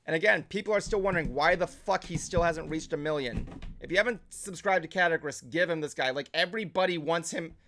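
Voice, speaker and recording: A man hosting a casual nerdy talk show, excitable and swearing freely, with lots of filler words. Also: on the high side, quick pace. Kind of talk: casual podcast chat.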